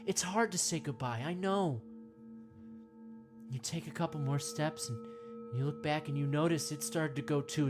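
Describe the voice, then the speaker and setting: Low-voiced woman as a mock meditation guide: soothing, slow, rambling.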